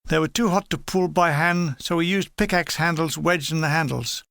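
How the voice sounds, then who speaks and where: An older man reads his own memoir in a gravelly, slightly raised voice. His delivery is dry and wry, plain and matter-of-fact. The recording is close and dead, with no room sound. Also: fairly high pitch, moderate pace, a bit bright, no room sound. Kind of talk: audiobook memoir reading.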